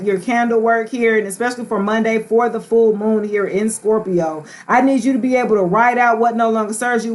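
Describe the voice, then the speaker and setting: Chatty woman tarot reader, slightly high voice. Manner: chatty, slangy, talks straight to viewers. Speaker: tarot reader hosting a live stream. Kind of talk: casual live-stream chat.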